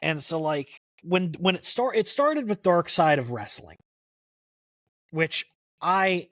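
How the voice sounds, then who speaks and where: Talkative man with a higher voice. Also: takes it slowly, no room sound, studio quality. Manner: rambling, many "like" fillers, animated retelling. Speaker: podcast guest, country music historian. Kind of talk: casual conversational storytelling.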